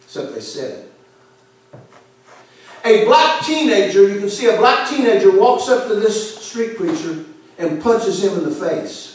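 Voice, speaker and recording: A fiery male pastor preaches in a fairly high voice, leaning hard into some words and sinking low on others. The room rings with heavy echo, and he sounds set back from the microphone. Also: big pitch swings, measured pace, long pauses. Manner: emphatic, forceful preaching with sudden drops in volume. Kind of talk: fiery sermon. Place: church sanctuary. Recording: echoey church hall from far off.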